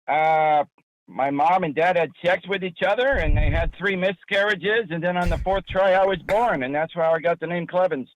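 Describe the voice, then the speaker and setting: A man's voice: high voice, dry recording, dull audio, close to an everyday voice. A man doing a sleazy Jersey caller. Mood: boastful. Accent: New Jersey. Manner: boastful, crude, quick to take offense. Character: sleazy aging male caller, loud braggart producer.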